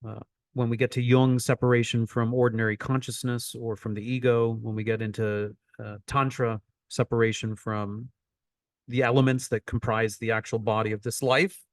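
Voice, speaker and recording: A man's voice: medium pitch, flat delivery, moderate pace, no echo, clean studio sound. A man coaching an online teaching session, repeating phrases for emphasis as he explains.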